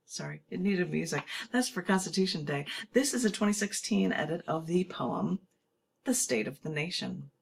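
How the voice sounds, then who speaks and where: A woman's voice: fairly low pitch, animated, normal speed, creaky, slightly rough. A woman poet reading her poems on a radio show, talking casually between them and plugging her books.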